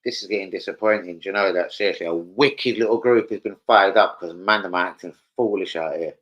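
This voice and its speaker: A young man hosting a casual football live stream, excitable, swearing and calling out viewers by name. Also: deep voice, fairly quick, muffled recording. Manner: excitable, swears, calls out chat names.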